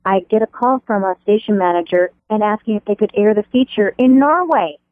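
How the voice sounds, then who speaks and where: A woman's voice: a little fast, dry recording. A middle-aged American woman, a radio devotional writer, chatting animatedly as an interview guest from her home over the phone. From American Upper Midwest. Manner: animated, laughs easily, pitch leaps when excited. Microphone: telephone. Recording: tinny phone line.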